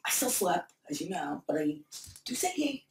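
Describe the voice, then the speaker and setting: A middle-aged woman speaking candidly in an interview, halting and repeating herself as she answers. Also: lowish voice, sing-song, gravelly, a little hiss or hum. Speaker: interviewee, mother of the host. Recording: echoey room, mic far off.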